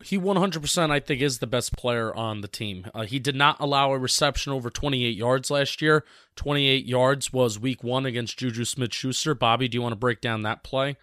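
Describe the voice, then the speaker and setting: A man co-hosting a sports podcast, giving steady, agreeable analysis in casual talk. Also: medium pitch, normal speed, clear, resonant tone.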